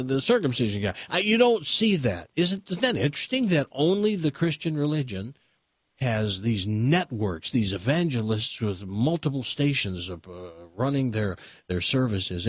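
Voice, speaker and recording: A man's voice: medium pitch, lively intonation, moderate pace, slightly rough, no room sound, studio quality. A man with an American accent hosting a talk radio show, opinionated and rambling, with many restarts and fillers. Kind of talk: casual talk radio monologue. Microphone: studio microphone.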